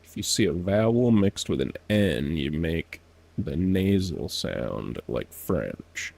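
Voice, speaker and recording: A man's voice: low voice, big pitch swings, takes it slowly, gravelly, darkish tone, husky. A man streaming a game, chatting casually to himself, laughing often and sounding out foreign words. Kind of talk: casual gameplay commentary.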